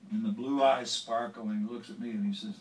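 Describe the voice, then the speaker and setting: A man in his sixties, a songwriter on stage, telling an anecdote in a halting, self-deprecating way, full of restarts. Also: mid-range voice, fairly even intonation. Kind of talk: onstage anecdotal storytelling. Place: stage before an audience. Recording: roomy, distant live stage mic.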